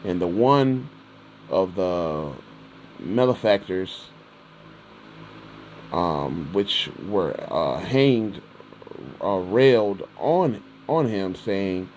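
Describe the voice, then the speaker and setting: A man giving an informal sermon, reading scripture slowly and then retelling it in everyday words, often checking in with "all right?". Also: on the low side, sing-song, a little mellow, a little hiss or hum, rough recording. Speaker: preacher.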